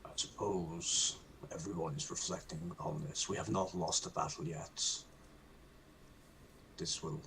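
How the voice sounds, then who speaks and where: A man voicing a grim gray-skinned male warrior who speaks in a somber, measured way. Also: low voice, steady tone, creaky, a bit bright, a little hiss or hum, pitched below the performer's own voice, full character voice, poor audio.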